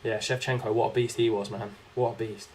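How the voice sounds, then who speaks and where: There's a faint hiss or hum behind this young man's lowish, darkish voice, which moves little in pitch and runs fairly quick. He casually commentates his own game on a live stream, chatting, reacting, and reading chat out to answer viewers.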